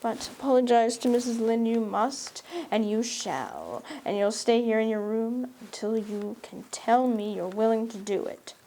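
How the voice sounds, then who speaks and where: A woman's voice: a little high, a little slow, hardly any pauses, mellow, a little hiss or hum, low-quality recording. A woman reading a novel aloud, voicing a stern older woman guardian who scolds in a dry, reproving way. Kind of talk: audiobook reading.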